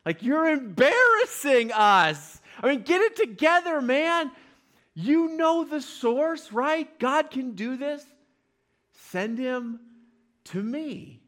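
A man voicing an old prophet who scolds bluntly and with exasperation, pitched well above his own voice. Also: big pitch swings, slow, fairly bright tone, full character voice. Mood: exasperated.

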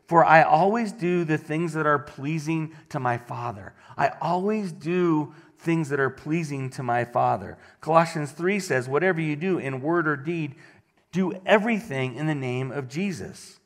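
A middle-aged male pastor delivering a casual, conversational sermon after a quiet opening prayer. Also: a little high, normal speed.

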